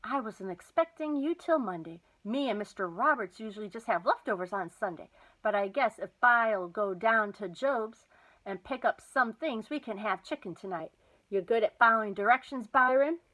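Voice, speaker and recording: A woman voicing a loud, bossy old grandmother with a Southern accent, shouting high and sharp-tongued. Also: animated, moderate pace, poor audio.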